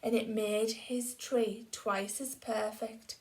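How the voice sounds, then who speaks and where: A woman teacher reading a picture book aloud to children with slow, expressive storytelling that drops to a hush for quiet moments. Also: on the high side.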